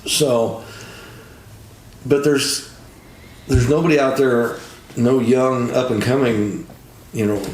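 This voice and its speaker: A man talking as an interview guest, relaxed and plain-spoken, trailing off at times. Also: mid-range voice, slow pace, pauses often. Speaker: interview guest, ride inspector. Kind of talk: casual interview chat. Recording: roomy with faint noise.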